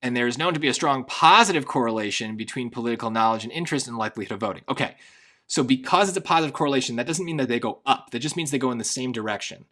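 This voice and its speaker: A man tutoring for a test, reading passages quickly and then musing half to himself as he works through the answer choices. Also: mid-range voice, animated, bright, forceful tone. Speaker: SAT tutor. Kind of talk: thinking aloud while solving test questions.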